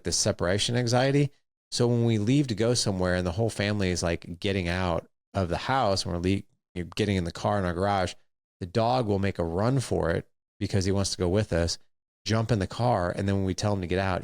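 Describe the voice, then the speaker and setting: A man hosting a podcast, telling a personal story in a candid, animated way with acted-out quotes. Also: deep voice, gravelly, dry recording, studio quality. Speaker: podcast host.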